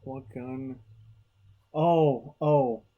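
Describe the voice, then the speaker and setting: An artist chatting casually while drawing, relaxed and rambling, with frequent swearing and trailing restarts. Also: medium pitch, very slow, phone-quality sound. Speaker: artist hosting a drawing video.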